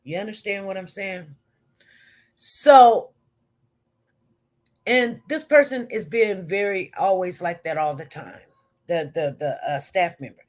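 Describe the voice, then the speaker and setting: A woman nurse chats on a live stream, circling back over the same points and checking in with her listeners. Her voice sits at an ordinary middle pitch for a woman. The delivery is loose and conversational. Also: a little slow, pauses often, darkish tone. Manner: rambling, repetitive, talks straight to viewers. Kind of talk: casual live-stream storytelling.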